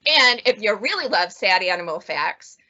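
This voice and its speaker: A woman's voice: mid-range voice, sing-song, moderate pace, sharp tone, highs cut off. A woman librarian chatting casually about funny books she has read, laughing often as she talks. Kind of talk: casual book review chat.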